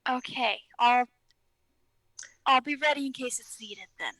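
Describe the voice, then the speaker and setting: A woman playing a tabletop game, speaking softly and tentatively. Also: high voice, measured pace, poor audio. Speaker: player. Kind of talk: casual game chat.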